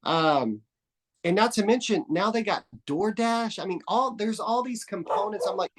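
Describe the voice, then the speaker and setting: A high-voiced man from Texas, a guest on a podcast, talks at normal speed in casual conversation. He tells meandering stories, often restarting and trailing off, with casual swearing mixed in.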